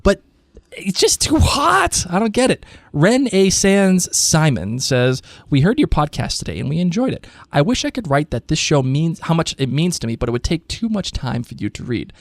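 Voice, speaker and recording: A man's voice: on the high side, sing-song, normal speed, few pauses, a little mellow, no echo, studio quality. A man co-hosting a podcast about a TV show, chatting casually, laughing often and reading listener comments aloud. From Rhode Island. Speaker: podcast co-host. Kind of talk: casual chat.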